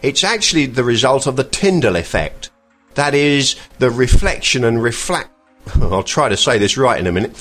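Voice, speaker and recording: A man hosting a podcast, chatting in a rambling way and pausing to search for words. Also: medium pitch, fairly bright tone. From England. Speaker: podcast host. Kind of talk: casual podcast monologue.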